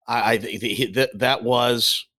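A man's voice: mid-range voice, fairly even intonation, measured pace, bright, forceful tone, no echo. A man speaking earnestly with frequent restarts as a guest in a political discussion. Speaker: panel guest.

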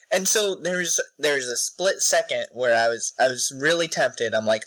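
A young man co-hosting a podcast, chatting casually with animated, incredulous reactions. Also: fairly high pitch, unhurried, few pauses, dry recording, low-quality recording. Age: young adult. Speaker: podcast co-host. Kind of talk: casual chat.

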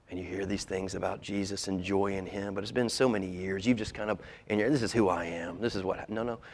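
A man pastor delivers a sermon in a fairly low voice. He swings between loud, pressing exhortation and hushed, near-whispered lines.

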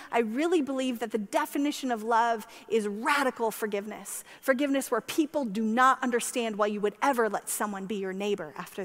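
A woman pastor preaching a sermon with passion, climbing to emphatic peaks and then falling soft. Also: on the high side. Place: church sanctuary. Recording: long church-hall reverb.

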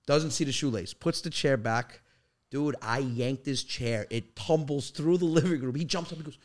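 A man telling a family story in a loose, animated way as a podcast guest. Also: medium pitch, brisk. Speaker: comedian guest. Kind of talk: casual storytelling.

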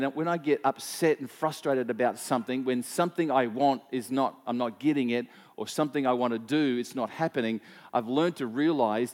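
A pastor with a medium-pitched, darkish voice preaches a conversational sermon. He tells personal anecdotes, asks the congregation questions, and often repeats himself and uses fillers.

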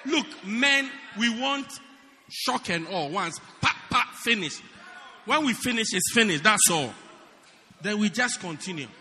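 A man preaching a humorous sermon, acting out stories and shouting the punchlines. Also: high voice, measured pace, long reverb tail, a faint crowd, slight background noise. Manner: animated storytelling, laughing and shouting punchlines. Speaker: pastor.

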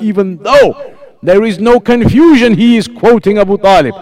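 A man's voice: high-pitched, moderate pace, darkish tone. A man teaching an Islamic lesson, explaining points patiently, repeating them and putting questions to his students.

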